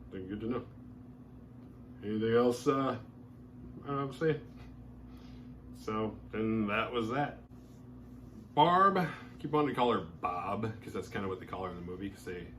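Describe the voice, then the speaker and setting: Male podcast host, mid-pitched, casual and slangy, jumps into characters' lines, faint background hiss. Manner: chatty, slangy, acts out characters' lines in quotes. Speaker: podcast host reviewing horror films. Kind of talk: casual film recap.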